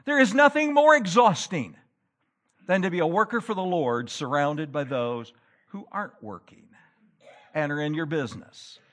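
A man preaching a sermon in a church, with animated delivery that rises to loud, emphatic peaks. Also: on the high side, normal speed. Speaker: pastor.

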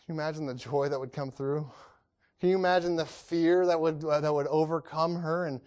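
A man preaching a sermon, earnest, asking rhetorical questions, repeating phrases and restarting often, swinging from loud emphasis to hushed lows. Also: steady tone, brisk.

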